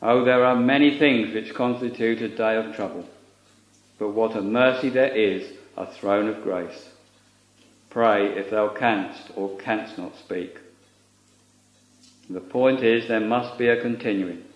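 A man's voice: on the low side, a little slow. A man preaching a sermon in a solemn, earnest way, using old-fashioned scriptural phrasing. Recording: lo-fi recording in an echoey room.

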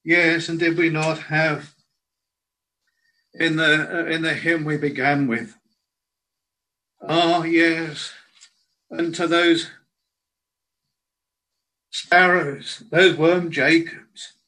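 A man preaching a sermon in a slow, earnest way, quoting scripture in old biblical language. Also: on the high side, little pitch movement, bright, forceful tone, poor audio.

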